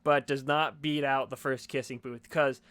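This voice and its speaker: A man's voice: mid-range voice, flat delivery, normal speed, a bit bright, no room sound. A young man hosting a podcast, chatting casually and joking, sometimes acting out characters in a raised voice. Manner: jokey, acts out characters in raised voice. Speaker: podcast host. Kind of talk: casual chat.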